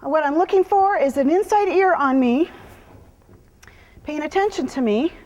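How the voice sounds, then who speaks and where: High, lively woman training a horse. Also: normal speed, big-room sound, lo-fi sound. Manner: explains her steps to an audience between cooing praise to a horse. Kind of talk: live demonstration commentary. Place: horse arena.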